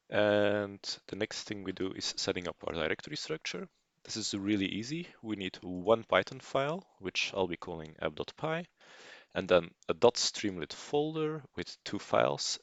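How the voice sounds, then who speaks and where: A man's voice: on the low side, gravelly, no echo, lo-fi sound. A man narrating a screencast coding tutorial, explaining casually with fillers and restarts. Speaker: programming tutor.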